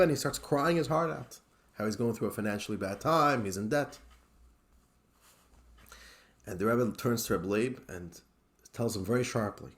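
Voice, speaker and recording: Give me a male rabbi with an average-pitched voice telling a story in a weekly lesson, swinging from loud to hushed.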